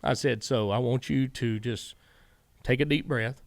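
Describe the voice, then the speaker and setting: A middle-aged former racing crew chief with a Southern US accent, a guest in a casual storytelling interview, tells long, rambling stories while quoting himself and others. His medium-pitched voice is steady, a little slow and full of vocal fry, with no echo.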